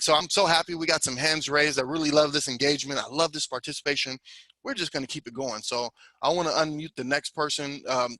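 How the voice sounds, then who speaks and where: A man leading an online group call with a bright, forceful voice, heaping on praise with great enthusiasm. The sound is close and dry. He keeps things upbeat and eager. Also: mid-range voice, dry recording, rough recording. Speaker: call host.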